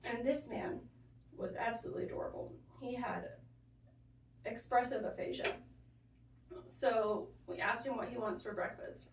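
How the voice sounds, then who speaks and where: A woman's voice: fairly high pitch, normal speed, long pauses, a little hiss or hum. A woman co-hosting a podcast, chatting casually with dry, sarcastic humor. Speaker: podcast co-host. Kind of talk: casual chat. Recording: roomy sound, distant mic.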